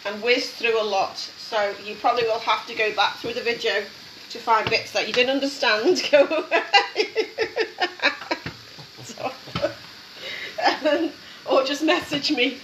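A woman hosts a casual cooking demonstration, chatty and encouraging as she works. Her voice sits fairly high. She is recorded in an echoey home kitchen from some distance, with steady noise behind her. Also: normal speed. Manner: chatty, encouraging, talks while working. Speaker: cooking show host.

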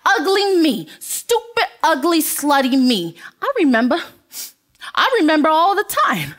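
A tough, scornful streetwise prostitute, acted by a woman, spitting out blunt street talk. The voice sits high and swings widely, with a bright, sharp edge. It is stage drama, played live in a theater. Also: big pitch swings, measured pace, heavily acted. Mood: bitter. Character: brash, tough working-class female prostitute. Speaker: stage actor. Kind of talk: live stage play acting.

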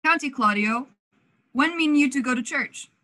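A woman's voice: high-pitched, moderate pace, sharp tone. Teen girl playing a genial matchmaking prince. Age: late teens. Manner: stately, matchmaking. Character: genial scheming male prince. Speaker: student actor. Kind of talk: Shakespeare school play over video call. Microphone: video call.

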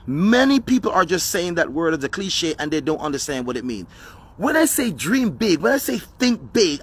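A man's voice: sits high, a bit bright, slightly rough. A man giving a motivational talk outdoors, with an emphatic, preachy delivery that repeats key phrases. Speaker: motivational speaker. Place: outdoors on his front step.

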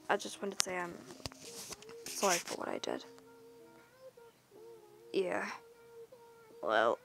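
A woman voicing a remorseful young boyfriend in a whispered role-play, talking in a hushed, apologetic way with some swearing. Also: fairly low pitch, voice pushed down, exaggerated voice. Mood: bashful. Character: remorseful young boyfriend, jealous, hot-tempered.

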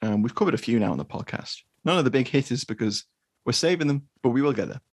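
A man co-hosting a film podcast, talking through a war film in a measured, thoughtful way. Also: mid-range voice, expressive, slightly rough, no room sound. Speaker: podcast co-host. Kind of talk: casual film discussion.

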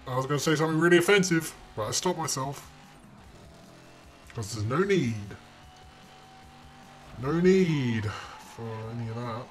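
Exasperated swearing young man, higher voice. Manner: exasperated, swears constantly, yelling insults at himself. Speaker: gaming video creator. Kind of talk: gameplay commentary over recorded footage.

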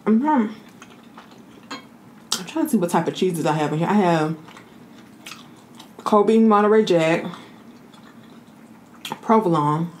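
A woman's voice: on the low side, animated, slow, long pauses, a little hiss or hum. A woman hosting a mukbang video, chatting casually with viewers and calling them y'all. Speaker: mukbang host. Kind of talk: casual eating vlog chat.

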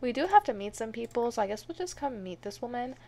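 Excitable woman narrating her gameplay. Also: on the high side, quick pace, vocal fry, a little hiss or hum. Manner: excitable, dramatic, frequent gasps and laughs. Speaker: gaming channel host. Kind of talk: let's play commentary.

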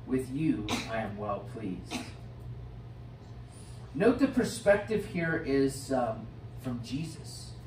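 A man with an American accent, a pastor preaching a sermon with expressive swings from loud to hushed. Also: a little high. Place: church sanctuary. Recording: roomy church sound from a distant mic, faint hiss.

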